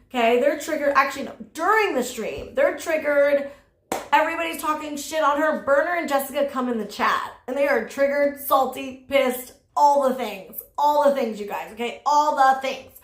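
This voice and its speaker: A woman's voice: high-pitched, moderate pace, reverberant. A woman giving casual drama commentary, blunt and sassy, swearing freely and laughing at her own jokes. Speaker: commentary YouTuber.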